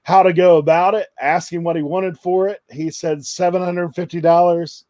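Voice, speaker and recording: A man's voice: high-pitched, fairly even intonation, normal speed, a little mellow, no room sound. A middle-aged man, a guest, telling a story in a chatty way and laughing through it. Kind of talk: casual storytelling.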